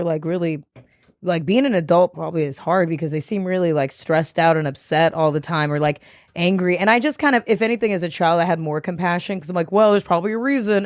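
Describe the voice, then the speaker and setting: A woman co-hosting a podcast in casual chat, her voice sitting a little low. She talks bluntly and with lively swings, swearing freely, recorded on a dry, close mic. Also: quick pace, no echo. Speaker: podcast co-host.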